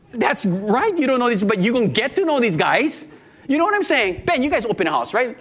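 Middle-aged pastor, sermon delivery, high voice, animated storyteller. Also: male voice, quick pace.

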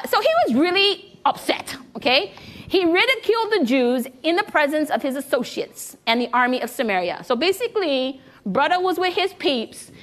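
A woman preaching a sermon to a congregation, lively and engaging them in call-and-response, a little out of breath. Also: sits high. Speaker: guest preacher.

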